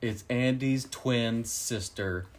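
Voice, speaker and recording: A man's voice: mid-range voice, slow pace. A man co-hosting a casual chat, animatedly retelling a movie plot and acting out the characters' lines. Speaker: co-host reviewing a movie.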